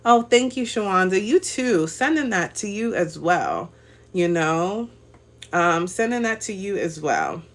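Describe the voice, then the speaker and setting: Speaking at a measured pace, this thirtysomething woman has a lowish voice with big swings in pitch. She hosts a casual stream, upbeat and motivating, reading viewers' comments aloud, replying to them, and laughing often.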